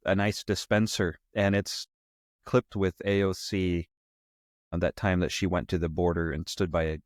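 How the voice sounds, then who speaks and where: A man's voice: low-pitched, no room sound, studio quality. A man, a priest co-hosting a show, chatting casually in a wry, mock-gracious way, rambling and restarting his sentences. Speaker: priest co-host. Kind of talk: casual commentary chat.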